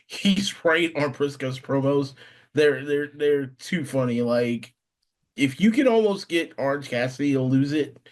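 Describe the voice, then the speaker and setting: A young man co-hosting a podcast, chatting in an easygoing, joking way with ums and restarts. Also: mid-range voice. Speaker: podcast co-host. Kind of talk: casual chat.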